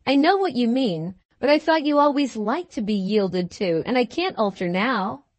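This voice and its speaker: A woman voicing a meek, nervous young wife in a storybook, soft and hesitant. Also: on the high side, expressive, moderate pace, dry recording, close to an everyday voice. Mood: plaintive. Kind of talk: storybook dialogue.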